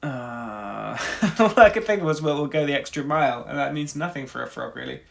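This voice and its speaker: A man's voice: on the high side, animated, moderate pace, vocal fry, a bit bright. A man casually talking to himself during a music-making livestream, mumbling ideas half under his breath. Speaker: music producer streaming a track build.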